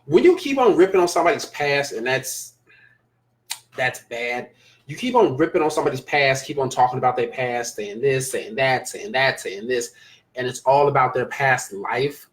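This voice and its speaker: A man's voice: mid-range voice, lively intonation, moderate pace. Emphatic man hosting a live stream. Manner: emphatic, repeats phrases for stress. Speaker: live show host reading viewer comments. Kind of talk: casual live-stream talk.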